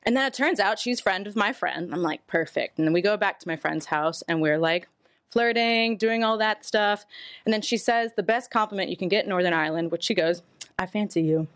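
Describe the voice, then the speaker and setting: A woman's voice: medium pitch, fairly quick, dry recording. A woman telling a candid personal story to a podcast audience, casually and laughing as she goes. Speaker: storyteller guest.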